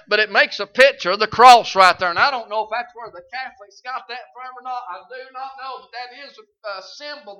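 A man's voice: sits high, pushed and bright, dull audio. A man preaching a sermon in a folksy, conversational way that swells into emphatic lines.

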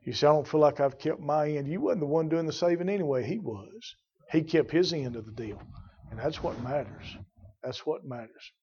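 Fervent preacher, lo-fi recording. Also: male voice, fairly high pitch, moderate pace, a little hiss or hum. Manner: fervent, rising to loud emphatic bursts. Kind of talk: sermon. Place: church.

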